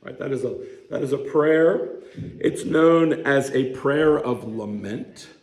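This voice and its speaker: A male pastor gives a sermon in a conversational storytelling style and often asks the congregation questions. His voice is gravelly and sits at a middle pitch. The church room has a clear echo. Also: takes it slowly, a little mellow. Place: church sanctuary.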